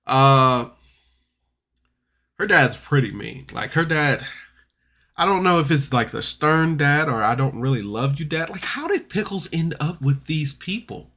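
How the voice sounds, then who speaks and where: A man's voice: a little high, animated, measured pace, pushed and bright. A man casually recapping a tabletop game episode for a podcast, rambling and chatty, full of fillers and restarts. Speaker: podcast reviewer.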